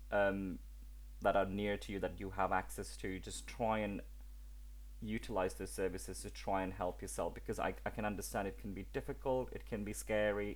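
Man, very low pitch, podcast guest, casual chat, animated.

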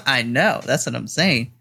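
A man's voice: medium pitch, expressive, slow, creaky, bright, forceful tone, slightly rough. A man running a tabletop game as game master, laughing often and rambling. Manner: giggly, rambling.

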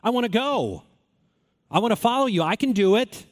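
Man doing a boastful eager grown man, higher-pitched, insistent, sermon retelling. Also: expressive, moderate pace, in a large hall.

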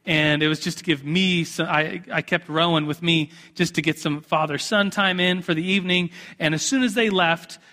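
A man in his thirties preaches in a loose, chatty way, circling back on himself with "like" and restarts. His voice sits high and sharp. It rings through a church sanctuary with a long echo. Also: steady tone, moderate pace, few pauses. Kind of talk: sermon. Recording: echoey hall.

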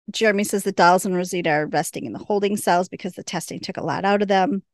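A woman's voice: medium pitch, fast talker, no room sound, studio quality. A woman hosting a podcast, casually recapping a TV episode, laughing often and acting out the lines. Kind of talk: casual chat.

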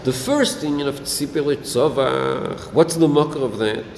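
A little slow and creaky, with a darkish tone and mid-range pitch, a male Torah teacher runs a Talmudic-style session in a study hall. He poses questions to his students while mixing Yiddish and Hebrew terms into his speech. Faint air-conditioning hums in the echoey room.

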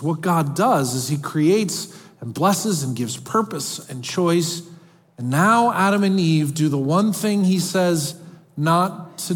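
Pastor guy preaching, animated and emphatic, kinda high-ish voice, long echo from the hall. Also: husky. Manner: animated, emphatic preaching with big pitch swings. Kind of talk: sermon with read-aloud storybook passages.

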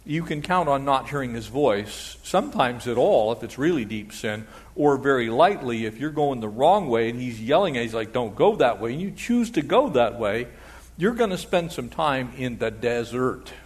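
A pastor preaching a sermon in an animated way, slipping into quoted voices and playful asides. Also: male voice, medium pitch, moderate pace.

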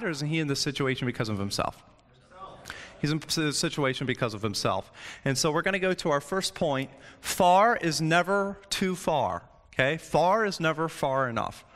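A man's voice: fairly high pitch, fairly bright tone. Man preaching casually in a reverberant hall. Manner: chatty, joking, keeps asking "right?". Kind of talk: casual sermon.

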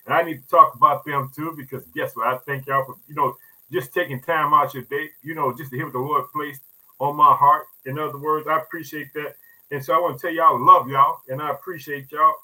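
High, bright-voiced fervent preacher man. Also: fairly even intonation, fairly quick, rough recording. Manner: fervent, repetitive, calls listeners "family"; casual, folksy speech. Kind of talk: podcast sermon.

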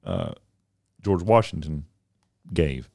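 A man's voice: extremely low pitch, very animated, slow pace, creaky, warm tone, dry recording, clean studio sound. A man in casual chat, asking short eager questions and sharing bits of history he has read.

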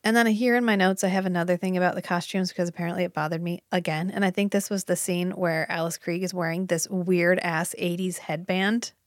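A woman co-hosting a casual chat podcast, opinionated and animated, swearing now and then as she talks. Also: on the low side, fairly quick, hardly any pauses, no room sound, clean studio sound. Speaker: podcast co-host.

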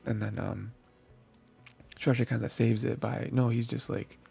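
A man's voice: medium pitch, level tone, normal speed, warm tone, faint music behind. A man hosting an anime podcast, recapping episodes in a rambling casual chat with many fillers and restarts. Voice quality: gravelly, husky.

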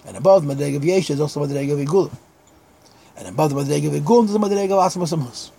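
Casting note: man, husky, fairly high voice, Torah teacher reading out slowly and explaining. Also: dark tone. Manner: reads Hebrew phrases slowly, then explains in English. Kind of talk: Chassidic text class.

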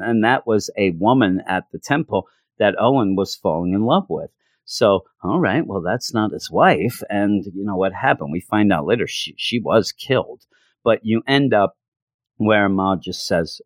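A man's voice: on the low side, lively intonation, unhurried, no room sound, studio quality. A man casually recapping a comic plot in a rambling way, with lots of fillers. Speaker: comic book reviewer.

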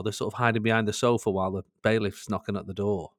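A man's voice: mid-range voice, fast talker, a bit bright, no room sound. Chatty Mancunian man, dry close sound. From Manchester, England. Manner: chatty, self-mocking, laughs between lines. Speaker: comedian guest. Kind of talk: casual interview chat.

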